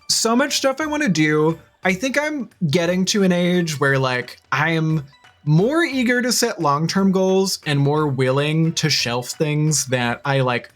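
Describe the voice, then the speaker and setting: A talkative streamer chatting through a cozy farming game. The voice swoops up and down with plenty of expression. Faint game music hums underneath the whole time. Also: medium pitch. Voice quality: chatty, expressive, with gasps and laughs. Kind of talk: live-stream chat and reading game dialogue aloud.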